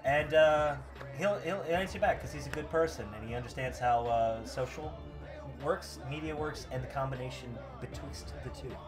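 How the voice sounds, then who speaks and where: A young man co-hosting a casual wrestling podcast, animated and laughing often as he reads and acts out quotes. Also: mid-range voice, normal speed, over music. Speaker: podcast co-host.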